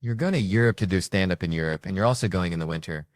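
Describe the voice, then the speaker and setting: Low-voiced host asking brisk questions. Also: male voice, no echo, studio quality. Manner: brisk questioning, wry asides. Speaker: talk show host. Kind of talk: interview questions and plugs.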